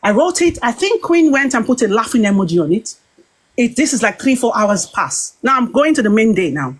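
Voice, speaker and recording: A British woman with a fairly high voice tells a long story of a falling-out in a casual, spoken way. She acts out what people said, restarts her sentences often and keeps the account moving. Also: a little fast, husky, low-quality recording. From Britain. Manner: animated storytelling, quoting herself and others, frequent restarts. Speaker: guest recounting a dispute.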